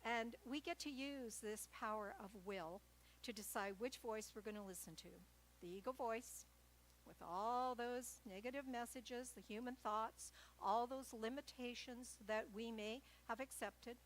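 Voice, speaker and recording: Gentle woman giving a light-hearted sermon. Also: fairly high pitch, a little slow, a little hiss or hum, rough recording. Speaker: guest speaker at church.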